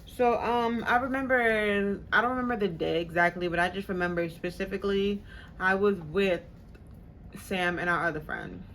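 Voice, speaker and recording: A woman's voice: medium pitch, normal speed, fairly bright tone, a little hiss or hum. A woman vlogger telling a personal story in casual, slangy talk. She swears freely and acts out the people she quotes.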